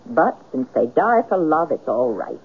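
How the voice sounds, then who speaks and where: A probing, husky-voiced questioner. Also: female voice, deep voice, sing-song, unhurried, full character voice. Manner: probing, practical. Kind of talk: 1970s radio drama acting. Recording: lo-fi old radio broadcast.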